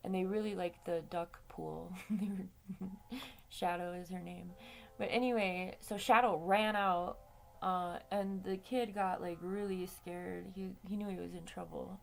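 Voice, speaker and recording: Gravelly-voiced woman telling a story. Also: on the low side, steady tone, a little slow, slight background noise. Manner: chatty, swears freely, laughs between lines. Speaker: vlogger. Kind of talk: casual storytime chat.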